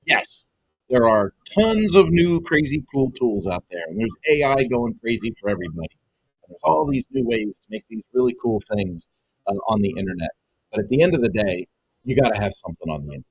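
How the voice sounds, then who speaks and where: A man who runs a web design business, giving an excited, emphatic pitch to viewers and calling them folks over and over. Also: a little fast, vocal fry, husky, no room sound, rough recording. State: excited, half-yelling. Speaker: web design agency owner and coach. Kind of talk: energetic direct-to-camera pitch.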